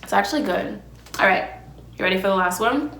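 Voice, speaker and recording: A woman's voice: mid-range voice, expressive, a little fast, a bit bright. A young adult woman hosting a podcast on her own, telling stories in a brash, profane, casual way and eating as she talks, recorded on a phone. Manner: brash, profane storytelling, eats while talking. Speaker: podcast host. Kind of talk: casual solo podcast chat. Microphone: phone camera with ring light. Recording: roomy echo.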